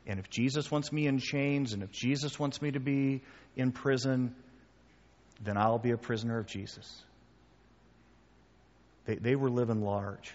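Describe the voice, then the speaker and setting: A man preaching a sermon and taking questions, animated and emphatic, acting out the voices he quotes. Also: on the low side. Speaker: pastor. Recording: dull sound with long hall reverb.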